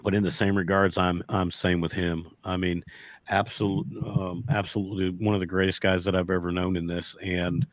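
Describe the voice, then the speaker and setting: A very deep-voiced beekeeper guest with a drawl tells a long story in casual chat, his folksy, rambling delivery looping back and restarting often. His tone is level and his pace moderate. The audio is dry and close, with no room echo.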